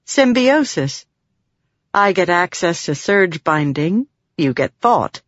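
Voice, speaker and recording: This is a woman reading a headstrong young woman scholar from a storybook. She talks briskly and presses for answers, her voice fairly low. The recording is dull and dry. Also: big pitch swings, no room sound. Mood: insistent. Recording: dull lo-fi audiobook.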